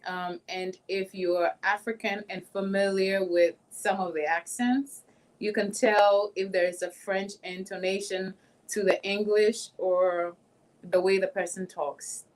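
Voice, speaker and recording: Female guest, anecdotal and emphatic, mid-pitched. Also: steady tone, a little slow, poor audio. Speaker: panel guest. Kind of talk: casual panel talk.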